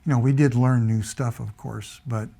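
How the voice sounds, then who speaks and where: An older American man, a retired Air Force officer, tells his memories in a sit-down oral history interview. He talks in a relaxed, storytelling way at a middle pitch and acts out what others said to him. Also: moderate pace, vocal fry. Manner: relaxed anecdotal storytelling, acts out quoted dialogue.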